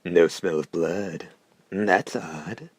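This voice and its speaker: A man voicing a hoarse, wryly probing talking hand in an audiobook, in a dry, mocking manner. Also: low-pitched, fairly even intonation, drawn-out words, a little mellow, heavily acted. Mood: puzzled. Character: hoarse wry talking left hand, male. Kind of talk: audiobook character voice.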